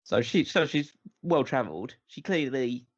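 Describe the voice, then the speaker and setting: A man's voice: mid-range voice, normal speed, husky. A man co-hosting a movie-review podcast talks in a loose, rambling way, circling back and restarting his sentences. His voice sits in a middle range, and the audio is a bit dull and lo-fi. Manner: rambling, restarts a lot, animated. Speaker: podcast co-host. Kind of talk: casual movie-review chat.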